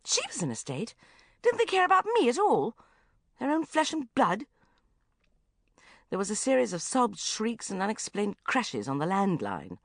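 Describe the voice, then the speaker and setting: A woman narrating a comic diary-style audiobook, swinging between breathless exasperation and flat asides. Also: medium pitch, moderate pace, pauses often, no echo, studio quality.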